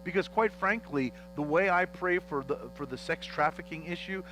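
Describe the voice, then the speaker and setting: A man preaching a teaching sermon as pastor, animated and joking as he acts out the dialogue of a Bible story in church. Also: sits high, moderate pace, soft background music, low-quality recording.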